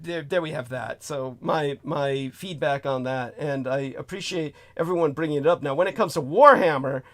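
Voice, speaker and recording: A man hosting a casual talk show, emphatic and scornful, with loud bursts of emphasis. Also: on the high side, moderate pace. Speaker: host. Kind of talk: casual monologue and chat.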